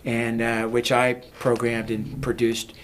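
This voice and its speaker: A man's voice: mid-range voice, monotone, a little slow, a little hiss or hum. A man talking as a guest in a casual interview, rambling with many fillers and restarts. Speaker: guest, music producer.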